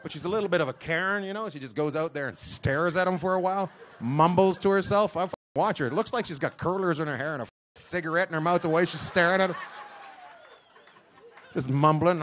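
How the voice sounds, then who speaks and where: A man doing loud rambling stand-up comedy. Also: high voice, fairly quick, a little hiss or hum. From lives in Long Beach, California. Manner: loud, rambling, acts out voices of wife and dog. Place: comedy club stage before a live audience.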